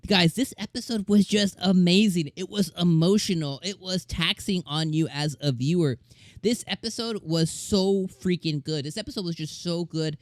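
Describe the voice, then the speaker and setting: A man reviewing an anime episode in casual chat, excitable and gushing, often repeating words and restarting his sentences. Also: sits high, moderate pace, no room sound, studio quality.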